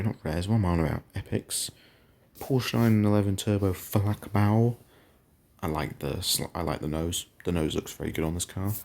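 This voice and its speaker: A low-pitched man with a rough, gravelly edge talks loosely through a game. He rambles and keeps catching and correcting his own slips. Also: darkish tone, slight background noise. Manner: rambling, self-correcting, chatty. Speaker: gaming channel host. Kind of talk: casual game commentary.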